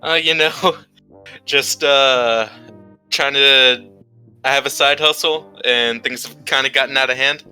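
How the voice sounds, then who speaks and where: A man playing a tabletop role-playing game, speaking casually and hesitantly with many pauses. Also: medium pitch, fairly even intonation, pushed and bright, smooth, faint music behind, rough recording. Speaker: player. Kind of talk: casual in-character play.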